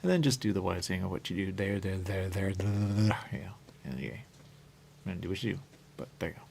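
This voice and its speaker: A deep, gravelly male voice drifts through a loose, circling monologue, with a faint hiss of noise behind it. He repeats the same phrases over and over and slips into sing-song murmurs between thoughts. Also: lively intonation, brisk, a little mellow. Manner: rambling and repetitive, keeps saying "there you go". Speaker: radio show host. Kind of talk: rambling spoken monologue.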